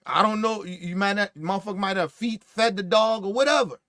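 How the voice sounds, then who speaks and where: A man hosting a podcast, telling stories in casual, profane, animated commentary and acting out what others said. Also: high-pitched, fairly quick, no room sound, clean studio sound. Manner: profane, animated storytelling with acted-out quotes. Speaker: podcast host.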